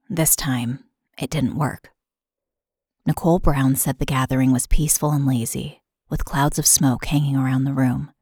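Woman, podcast host, true crime narration, low husky voice, dry close sound. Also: dry recording. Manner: steady, matter-of-fact reading.

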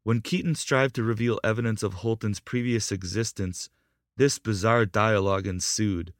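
A man reading a scripted documentary narration in a measured, even way. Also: on the low side, no echo, studio quality.

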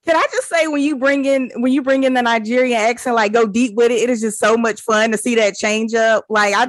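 A woman's voice: fairly high pitch, steady tone, a little fast, no room sound. A woman hosting a podcast, gushing and chatty as she asks her guest questions. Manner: gushing, chatty, lots of "like" fillers. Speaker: podcast host. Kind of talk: casual interview chat.

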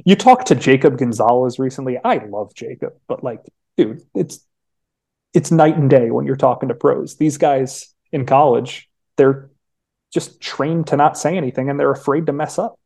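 A man's voice: medium pitch, normal speed, vocal fry, mellow. A young adult man, a podcast guest, telling stories in casual chat with lots of restarts and acted-out quotes. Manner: chatty storyteller, frequent restarts and acted-out quotes. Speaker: podcast guest, sports beat writer.

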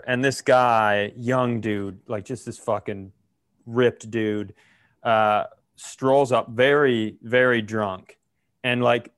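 Male comic co-host, animated storyteller, mid-range voice, dry sound. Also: medium pitch, clean tone, dry recording. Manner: animated storyteller, swears freely. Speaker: comedian podcast co-host. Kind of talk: casual storytelling chat.

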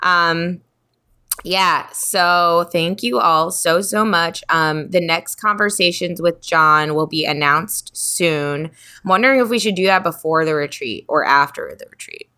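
A chatty woman co-hosting a podcast, her voice bright and ringing but sitting fairly low. She talks casually, laughs a lot and gets animated when she tells a story. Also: a little slow. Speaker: podcast co-host. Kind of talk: casual chat.

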